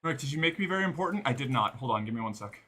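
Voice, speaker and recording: Bright husky-voiced streamer. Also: male voice, mid-range voice, lively intonation, racing. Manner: chatty, talks to chat while playing and exercising. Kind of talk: casual live-stream chat and gameplay.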